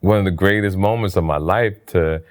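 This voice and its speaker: A man from New Jersey telling stories in a casual interview, his voice jumping up high when he acts out what people said. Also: moderate pace. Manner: animated storyteller, voice jumps high for quoted lines. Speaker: interview guest, comedian.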